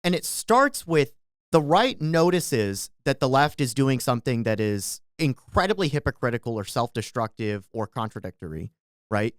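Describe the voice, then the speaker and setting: A man co-hosting a political podcast, laying out his argument step by step in a measured way. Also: mid-range voice, big pitch swings, dry recording, clean studio sound. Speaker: podcast co-host. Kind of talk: casual political discussion.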